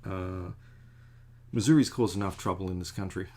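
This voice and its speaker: Middle-aged man, artist at work, low creaky voice, chatty digressive livestream commentary. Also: normal speed, darkish tone. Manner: chatty, digressive, self-deprecating. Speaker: artist drawing a commission. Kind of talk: casual rambling commentary while drawing.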